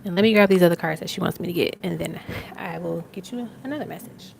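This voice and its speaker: Young woman, tarot reader on a live stream; low-ish, gravelly, chatty and casual. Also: fast talker, a little mellow, slight background noise, poor audio. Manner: casual, chatty, many fillers and laughs.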